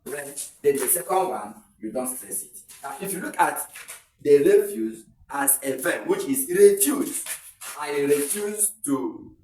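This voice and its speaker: A man's voice: medium pitch, animated, a little slow, a little mellow, far from the mic. A man from Nigeria walks students through an exam lesson and repeats key words to drive each point home. He sounds a little away from the microphone, and the room rings with echo under a faint hiss. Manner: repeats words for emphasis, explains step by step. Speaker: teacher. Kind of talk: exam tutorial lecture. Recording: echoey room, voice a little off-mic, faint noise.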